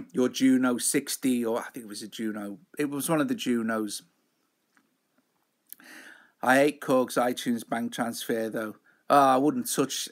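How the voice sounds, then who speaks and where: A man's voice: mid-range voice, fairly bright tone. A man hosting a casual live stream from home, rambling and chatty as he greets viewers by name.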